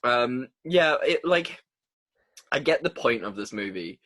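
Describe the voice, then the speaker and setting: A young man co-hosting a casual movie podcast, excitable, swearing often and laughing a lot. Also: mid-range voice, takes it slowly, no room sound. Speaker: podcast co-host. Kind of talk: casual chat.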